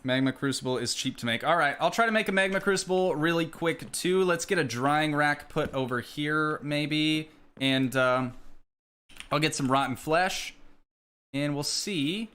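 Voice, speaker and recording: A young American man streaming a game, chatting casually with viewers and thinking out loud as he plays. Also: a little high, unhurried, clear, resonant tone. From United States. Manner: rambling, thinking aloud, talking to chat. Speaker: gaming streamer. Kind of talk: casual live gameplay chat.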